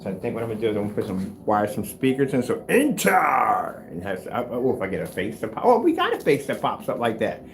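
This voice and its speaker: A man's voice: mid-range voice, wildly swooping pitch, fast talker, few pauses, a little hiss or hum. A man talking casually in a home workshop vlog, rambling and restarting, sometimes raising his voice to scold his cat. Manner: rambling, chatty, restarts often. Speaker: home theater screen maker.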